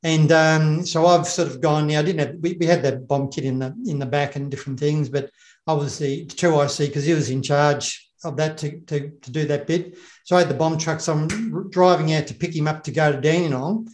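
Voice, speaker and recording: Australian man, middle-aged, ex-bomb tech, rambling casual storyteller, slightly high voice, echoey room. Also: steady tone, fairly quick. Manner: rambling, repeats words and acts out quotes. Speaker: former bomb technician.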